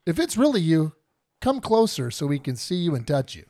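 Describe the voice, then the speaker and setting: A man's voice: a little high, sing-song, a little fast, mellow, no room sound, studio quality. A man hosting a podcast, casually retelling and joking about a Bible story with lots of laughs. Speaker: podcast host.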